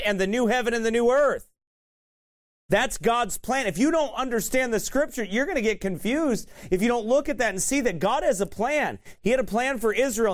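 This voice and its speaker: A man teaching a sermon in a conversational way, often tossing in "right?" and laughing at himself. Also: on the high side. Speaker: pastor.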